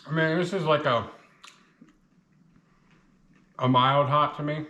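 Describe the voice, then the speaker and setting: Slow-talking man reviewing spicy snacks. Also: fairly high pitch, bright, forceful tone, echoey room. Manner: slow, chatty, talking with his mouth full. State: mouth burning from spicy chips. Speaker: food reviewer. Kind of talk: casual food review vlog.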